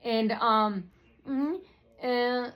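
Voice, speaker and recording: A woman's voice: a little high, drawn-out words, fairly bright tone. A woman vlogger ranting to her viewers in a rambling, repetitive way, full of fillers and swearing. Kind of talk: rambling personal rant to camera.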